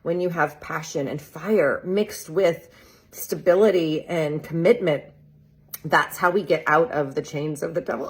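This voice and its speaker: In a casual tarot reading video made for a real estate group's social channel, a woman reads the cards with chatty enthusiasm, peppering her talk with "like" and "right?" and laughing often. Her voice is low and creaky, her pace moderate, and there's a slight hiss or hum in the recording.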